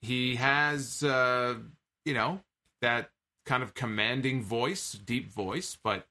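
A man talks through a wrestling show in a loose, opinionated podcast recap. His voice is bright and forward, sitting at an ordinary middle pitch. He speaks conversationally and often quotes lines from the show. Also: steady tone, slow pace. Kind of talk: casual show recap commentary.

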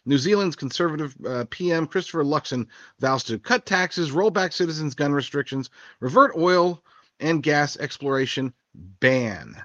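A man's voice: fairly high pitch, moderate pace, a bit bright, no echo, highs cut off. A man hosting a political talk show, reading news stories and adding rambling, sarcastic asides with short chuckles. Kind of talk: casual political commentary.

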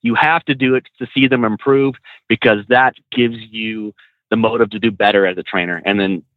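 A truck driver and trainer tells road stories in a casual storytelling interview, full of laughs and restarts as he animatedly recounts anecdotes. His voice is lowish and his speed normal. It comes over a dry, tinny, phone-like line.

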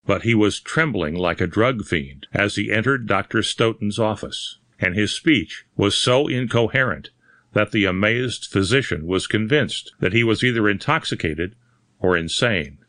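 A man narrating a horror story in a measured, dramatic reading. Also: fairly low pitch, expressive, a bit bright, dry recording, studio quality. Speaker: audiobook narrator. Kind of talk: scripted narration.

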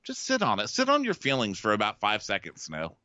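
A man co-hosting a casual TV recap, joking and animated. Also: lowish voice, brisk, dry recording, muffled recording.

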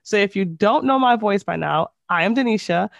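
A woman's voice: medium pitch, animated, normal speed, gravelly, no room sound. A woman with a nasal voice co-hosting a casual podcast, chatty and storytelling, recorded over a headset on a video call. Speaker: podcast co-host.

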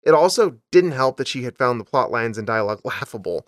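A man's voice: medium pitch, animated, fairly quick, no echo, clean studio sound. A man hosting a comedy podcast, reading a story with dramatic emphasis and stopping to joke.

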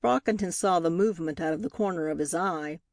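Here an audiobook narrator, female and somewhat low-voiced, works through a novel with measured expressiveness. There's no room sound at all, just clean studio audio of her scripted reading.

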